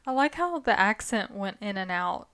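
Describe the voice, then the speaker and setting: A woman's voice: medium pitch, lively intonation, normal speed, fairly bright tone, clear, resonant tone. A young woman co-hosting a podcast in casual chat, laughing and teasing. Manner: giggly, teasing. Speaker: podcast co-host.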